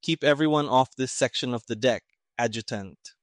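A man reading an audiobook, voicing a brusque, irritable army colonel who snaps crisp commands. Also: mid-range voice, unhurried, no echo, clean studio sound, lightly acted. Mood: impatient, commanding.

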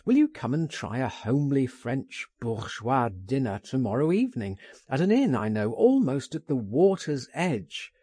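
A man narrating a first-person literary story, reading in an expressive, persuasive, theatrical manner. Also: mid-range voice, moderate pace, hardly any pauses, breathy edge, no room sound. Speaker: audiobook narrator.

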